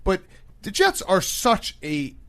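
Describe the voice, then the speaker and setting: A man co-hosting a podcast, excitable and emphatic in casual chat. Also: high voice, slow, clean tone. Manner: excitable, emphatic, laughs often. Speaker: podcast co-host.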